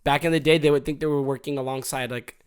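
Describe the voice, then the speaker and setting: A man's voice: mid-range voice, steady tone, quick pace, clean tone. A man co-hosting a podcast, telling a story in loose, rambling casual chat. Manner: rambling storyteller, laughs often. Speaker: podcast co-host.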